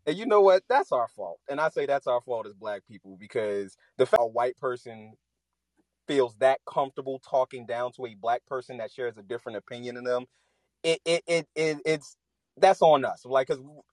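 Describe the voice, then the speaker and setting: Excitable male caller on a dry line. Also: moderate pace, no echo. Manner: excited storytelling, jumps into high mocking voices. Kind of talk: casual call-in chat.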